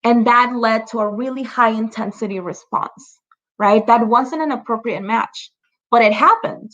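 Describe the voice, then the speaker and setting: Woman trainer, high-ish voice, chatty and checking in constantly, a touch muffled over a video call. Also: moderate pace, fairly bright tone. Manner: chatty, checks in with frequent "right?" and "you know"; laughs lightly between examples. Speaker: trainer leading a parent workshop. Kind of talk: conversational online training talk.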